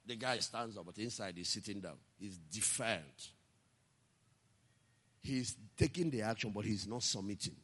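A man preaching a sermon with a bright, husky voice that rings out in a large hall with long reverb. He tells stories as he goes and rises to impassioned, loud delivery. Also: lowish voice, unhurried. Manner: storytelling preacher, rising to impassioned shouting. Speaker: pastor.

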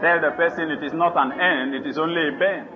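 A male pastor preaching a sermon, animated, laughing and calling for responses from the congregation. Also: on the high side, fast talker, lo-fi sound, noisy background.

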